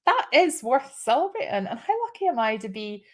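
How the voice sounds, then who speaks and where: Hosting a live show, a woman in her fifties chats casually and gets emotional, restarting sentences and letting out small laughs. Her voice sits high, very animated and a little fast.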